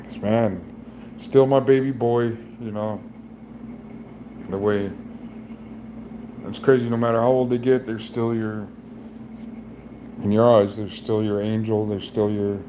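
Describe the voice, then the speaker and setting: A middle-aged man in a personal vlog, talking in a halting, rambling way with many restarts, emotionally raw and near tears. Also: fairly low pitch, steady tone, background noise. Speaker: vlogger.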